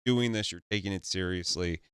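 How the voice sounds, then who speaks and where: Brief: low-ish man, bright and crisp, dry close sound, stumbling interviewer. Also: no room sound. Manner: halting, gushes praise with fillers. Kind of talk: casual interview chat.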